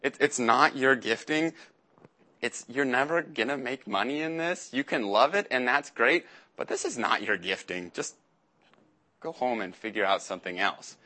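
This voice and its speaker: A man's voice: medium pitch, expressive, moderate pace, bright, forceful tone. A young man preaching a casual sermon as a youth pastor, chatty and acting out quotes in little voices.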